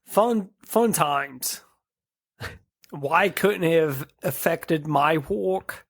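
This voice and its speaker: A man with a gravelly, fry-tinged voice on a relaxed podcast, talking slowly in a slightly high register. He makes wry, joking remarks. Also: dry recording, studio quality. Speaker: podcast co-host. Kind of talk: casual chat reviewing cartoons.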